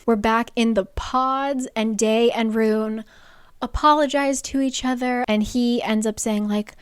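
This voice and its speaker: A young woman with a slightly high voice talks through a book's plot in a loose, chatty way. She slips into brief playful voices when quoting characters. The sound is dry and close. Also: steady tone, measured pace, smooth, dry recording. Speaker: book reviewer. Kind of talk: casual plot recap.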